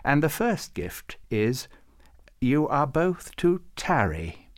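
A man's voice: a little high, big pitch swings, slow pace, no echo, studio quality, pitched above the performer's own voice. A man voicing a solemn old male saint who leads a council, speaking in a stately, intoning way in a storybook reading. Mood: kindly. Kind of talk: storybook character voice.

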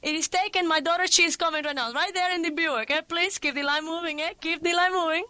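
Woman doing her loud Cuban mother, bossy. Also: very high-pitched, steady tone, quick pace, no echo, pitched above the performer's own voice. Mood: commanding. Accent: Cuban Spanish. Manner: brash, commanding, shouting orders.

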